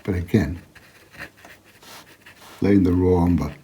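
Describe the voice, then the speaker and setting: Soft-spoken man teaching watercolour. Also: low voice, takes it slowly, slight background noise. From England. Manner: quiet, chatty, drops to a murmur while working. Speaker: watercolour painting tutor. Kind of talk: relaxed painting demonstration.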